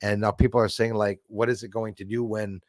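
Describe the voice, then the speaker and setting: A man's voice: on the low side, flat delivery, fairly quick, dry recording, clean studio sound. A man, hosting a live stream, ranting with strong opinions and greeting viewers by name. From Canada. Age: 40s. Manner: ranting, opinionated, laughs between remarks. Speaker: livestream host. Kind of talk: casual live-stream chat reading viewer comments.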